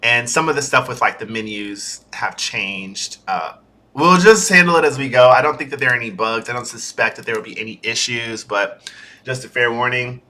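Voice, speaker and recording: A young man with a bright, forward voice chats on a home stream in a loose, easygoing way. He drifts off topic and fills his pauses with ums and uhs. He sounds like he is talking at his desk mic in a home setup. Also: medium pitch. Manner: chatty and easily sidetracked, with fillers. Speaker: software developer streaming a build-in-public series. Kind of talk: casual livestream talk.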